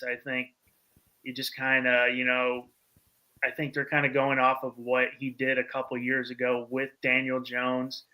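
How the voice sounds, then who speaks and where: Man, sports co-host, very bright sharp voice, relaxed, hesitant. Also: mid-range voice, poor audio. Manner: relaxed, loose, hesitant with fillers. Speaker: podcast co-host. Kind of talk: casual sports talk.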